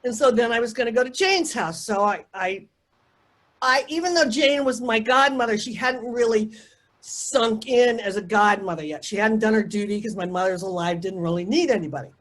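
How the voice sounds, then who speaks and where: An older woman from the United States tells a personal story as an interview guest, with a slightly high voice. Her telling rambles and turns emotional, and she slips into quoted asides as she goes. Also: normal speed.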